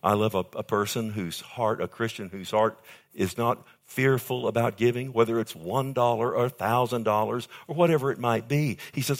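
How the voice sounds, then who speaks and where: An older man preaching a sermon as pastor, calling out to his congregation and stretching key phrases slowly for emphasis. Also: steady tone. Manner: emphatic preaching with sudden high pitch jumps and slowed key phrases; calls out to congregation with "amen" and "loved one".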